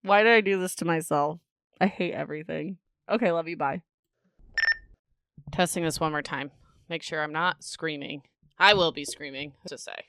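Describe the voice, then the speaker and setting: A woman's voice: low-pitched, normal speed, pauses often, fairly bright tone, clear, resonant tone, dry recording. A woman hosting a casual book podcast. She sounds bubbly and self-mocking, and often stumbles over words while reading aloud. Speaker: podcast host.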